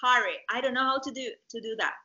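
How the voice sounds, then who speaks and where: A woman's voice: fairly high pitch, fast talker, sharp tone. A woman from Italy with an Italian accent, chatting casually as a co-host, laughing often and searching for words. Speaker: singing diction teacher, co-host. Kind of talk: casual conversation. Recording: dull lo-fi sound.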